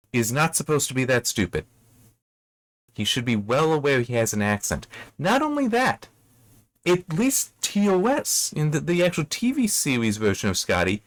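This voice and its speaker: A man with a fairly high-pitched voice, recorded with no echo, hosts a casual book review. He rambles, corrects himself mid-sentence, and briefly acts out quoted characters' lines from the story.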